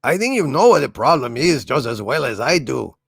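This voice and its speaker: A man voicing a calm, menacing ship computer with a relaxed Chicano accent, refusing requests in a slow, mock-polite way. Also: mid-range voice, vocal fry, breathy edge, dry recording, clean studio sound, full character voice. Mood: calmly refusing.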